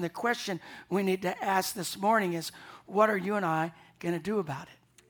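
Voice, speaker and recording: A man's voice: sits high, moderate pace, a bit bright. A man preaching an Easter morning sermon, earnest and emphatic, often repeating words as he builds a point. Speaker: pastor.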